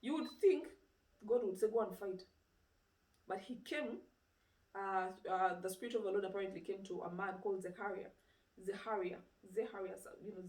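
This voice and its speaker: A woman's voice: mid-range voice, distant mic. A woman giving an informal sermon, retelling a story with rhetorical questions and conversational fillers. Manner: lively retelling with rhetorical questions and frequent "you know". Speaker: preacher. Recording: roomy sound, speaker away from mic.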